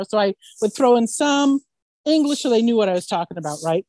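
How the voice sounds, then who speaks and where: Lively woman actress telling stories. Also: medium pitch, quick pace, no echo. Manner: animated storyteller, keeps asking "right?". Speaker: voice actress guest. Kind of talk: casual anecdotal interview.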